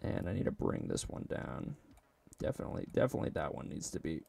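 This 3D sculpting video creator chats to himself as he sculpts a model, rambling and cracking jokes along the way. His voice is extremely low, creaky and dark, with huge swings in pitch and a fast delivery. Soft music plays in the background.

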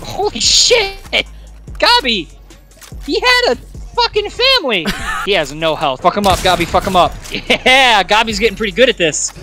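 A woman gaming with friends, loud and swearing as she cheers on a teammate. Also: mid-range voice, sing-song, normal speed, over music. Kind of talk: casual gaming banter.

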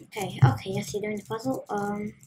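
A woman's voice: mid-range voice, steady tone, brisk, noisy background. A woman giving casual, playful commentary as she plays a video game, talking to herself as she goes. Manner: chatty, playful, talks to herself while playing. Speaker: gaming video host.

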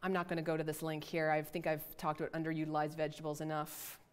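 A middle-aged woman researcher giving a lecture, telling her field story in an animated, self-deprecating way with asides. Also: deep voice, quick pace, smooth. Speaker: environmental researcher giving a talk. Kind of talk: lecture with a personal anecdote.

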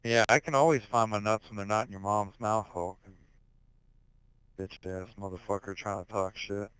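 A teenage boy in casual online voice chat on a headset, rambling crudely with heavy swearing and sudden shouted outbursts. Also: on the low side, steady tone, normal speed, clean tone, no room sound, low-quality recording. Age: teens.

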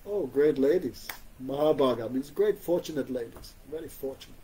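A man giving an informal religious class, conversational and gently humorous, often asking his listeners "you know?". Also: medium pitch, normal speed, slight background noise, rough recording. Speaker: spiritual teacher giving a class.

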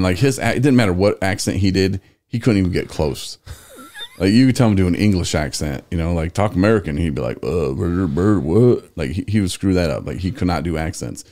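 A man hosting a podcast, telling rambling stories in casual chat and acting out what people said. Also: low-pitched. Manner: rambling, animated retelling with acted-out quotes. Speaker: podcast host.

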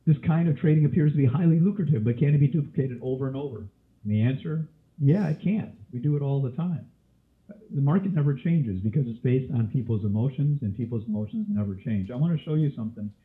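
A man's voice: mid-range voice, animated, quick pace. A man teaching a live trading webinar, quizzing his listeners with question after question, with a cough and a scratchy throat. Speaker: trading instructor. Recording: tinny phone-like audio.

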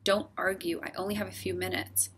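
A woman voicing a brisk, sensible female mouse in a storybook reading, speaking firmly and with authority. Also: medium pitch, little pitch movement, a bit bright, slight background noise, close to an everyday voice. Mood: urgent. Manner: firm and authoritative.

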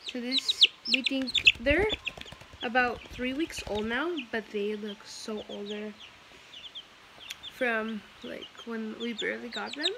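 A woman's voice: a little high, takes it slowly, creaky. A young woman in her teens chatting casually in a vlog at home, rambling with many fillers and restarts. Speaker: vlogger. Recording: noisy home recording.

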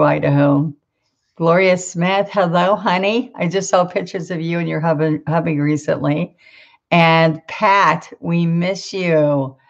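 Low, gravelly Southern woman chatting live. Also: lo-fi sound. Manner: chatty, greets viewers by name, laughs often. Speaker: painting instructor hosting a live stream. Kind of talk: casual live-stream chat.

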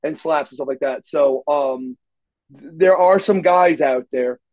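Middle-aged male interview guest, a bit higher-pitched than most men, loose and profane, full of restarts. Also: measured pace, a little mellow, poor audio. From Oklahoma, USA. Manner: rambling, restarts often, salty language. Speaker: interview guest, former wrestler. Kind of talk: shoot interview storytelling.

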